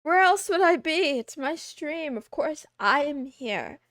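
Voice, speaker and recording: A woman's voice: high voice, lively intonation, unhurried, fairly bright tone, no echo, studio quality. A woman VTuber chatting casually on a live stream, greeting her chat by name and joking and complaining about herself. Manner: playful, greets chat by name, meows and giggles; complaining, self-deprecating.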